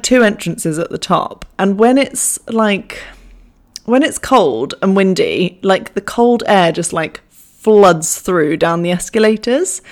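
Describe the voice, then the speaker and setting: A young woman telling a funny personal story in a chatty, self-mocking way, swearing freely. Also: medium pitch. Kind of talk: casual anecdote.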